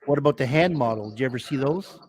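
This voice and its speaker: A man's voice: mid-range voice, lively intonation, quick pace, a little mellow, slightly rough, no room sound. A man with a Canadian accent hosting a casual live stream from his laptop, rambling and laughing at himself. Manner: rambling, self-deprecating, laughs often. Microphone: laptop mic.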